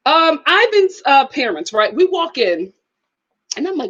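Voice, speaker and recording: Woman vlogger, high voice all over the place, laughing and chatty. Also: unhurried, highs cut off. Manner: animated, laughing, acts out quotes. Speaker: vlogger reviewing a reality show. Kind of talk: casual chat.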